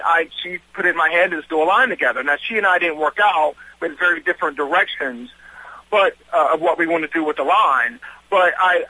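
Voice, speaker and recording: A man's voice: high-pitched, sharp tone, low-quality recording. A man with a Southern US accent from North Carolina, a guest on an interview, talking eagerly in a rambling way full of restarts and repeated words. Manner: eager and talkative. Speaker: guest, swimwear designer and fitness trainer. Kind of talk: casual interview chat.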